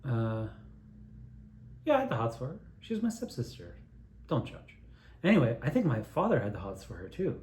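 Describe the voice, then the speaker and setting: A man with a medium-pitched voice talks fairly quickly, telling loose, profane childhood stories with lots of rise and fall, wandering off topic while sipping beer. He makes videos, and this is a rambling monologue. A bit of hiss or hum sits under his voice, which bounces around a roomy, echoing space.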